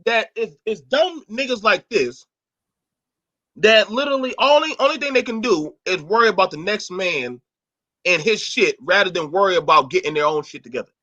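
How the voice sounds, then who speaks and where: Man, host, high voice, bright and forceful, blunt profane talk, lo-fi sound. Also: animated, normal speed. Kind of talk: casual panel chat. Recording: dull lo-fi sound.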